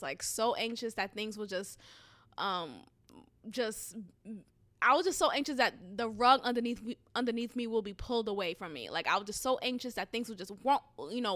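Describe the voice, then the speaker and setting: A woman's voice: a little high, sharp tone, no echo. A young woman hosting her own podcast, telling a personal story in a rambling, heartfelt way with many fillers and the odd curse. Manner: swears casually. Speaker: podcast host. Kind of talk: casual monologue.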